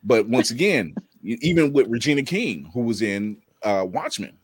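A man hosting a podcast in casual chat, animated and laughing often. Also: mid-range voice, normal speed, slightly rough, dry recording. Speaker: podcast host.

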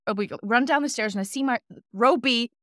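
A woman's voice: a little high, quick pace, dry recording. Chatty woman podcast host, dry sound. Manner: animated, acts out quotes in her stories. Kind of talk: casual conversational storytelling.

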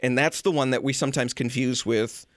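A man in his forties co-hosting a casual home-design chat, animated and self-deprecating, often laughing at himself. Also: mid-range voice, brisk, dry recording, clean studio sound. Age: 40s. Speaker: podcast co-host.

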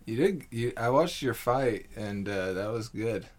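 A young man hosting a casual podcast, relaxed with lots of fillers. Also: fairly low pitch. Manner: slow, relaxed, many fillers. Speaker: podcast host.

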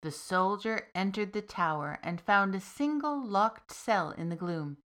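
A woman narrating a fairy tale in a measured, expressive storytelling manner. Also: mid-range voice.

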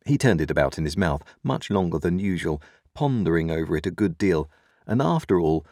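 A man reading a classic novel aloud as audiobook narrator in measured, expressive storytelling. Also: low voice, no echo, clean studio sound. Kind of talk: scripted narration.

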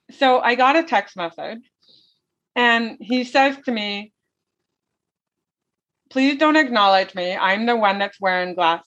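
A woman with a medium-pitched, slightly bright voice is a guest in an interview conversation, sharing her story earnestly and from the heart. The audio is dull and lo-fi.

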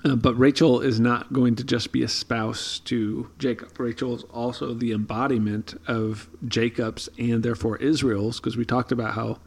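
A man's voice: medium pitch, little pitch movement, moderate pace, vocal fry, hardly any pauses, slightly rough. A man co-hosting a casual Bible study podcast, explaining thoughtfully with frequent ums and restarts. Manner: thoughtful, many fillers and restarts. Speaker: podcast co-host.

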